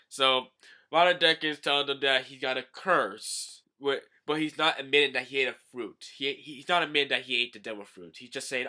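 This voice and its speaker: A young man casually recaps a comic chapter, rambling and filling gaps with "uh" and "like". His voice has a very bright, sharp edge and sits at a middle pitch. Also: fairly even intonation, brisk. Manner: rambling, with many fillers. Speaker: manga reviewer.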